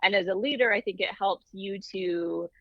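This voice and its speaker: A woman's voice: medium pitch, moderate pace, creaky, no room sound, lo-fi sound. A woman co-hosting a podcast in casual chat, talking thoughtfully with many "like" fillers. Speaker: podcast co-host.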